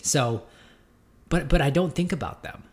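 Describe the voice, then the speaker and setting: A man's voice: a little high, moderate pace. A man who runs a gym, talking to his viewers in a reflective, casual monologue. He often stumbles and repeats words as he thinks aloud, and calls his listeners "guys". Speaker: gym owner speaking to viewers.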